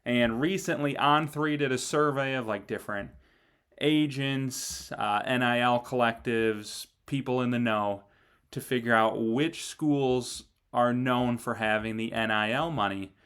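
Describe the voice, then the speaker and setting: A man co-hosting a sports talk show, speaking in a relaxed conversational way with frequent filler words. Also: medium pitch, a little slow, clear, resonant tone. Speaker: sports podcast co-host.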